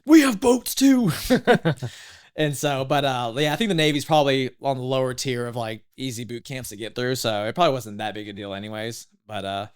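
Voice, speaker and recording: Fast-talking laid-back man. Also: medium pitch, steady tone, clear, resonant tone. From East Texas. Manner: laid-back, slangy, full of "like" and "dude". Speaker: podcast guest. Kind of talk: casual storytelling interview.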